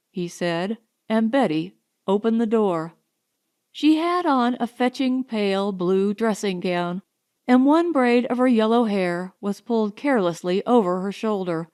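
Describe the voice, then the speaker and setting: A woman narrating a novel as an audiobook in a measured, expressive way. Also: medium pitch.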